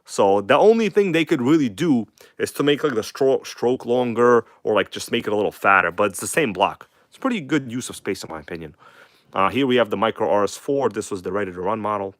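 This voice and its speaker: A man with a slight accent hosting a casual live stream, chatting loosely, swearing now and then and reading magazine text aloud in a halting way. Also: on the low side, expressive, dry recording. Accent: non-native English accent. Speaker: host of a live RC car stream. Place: home workshop in Queens.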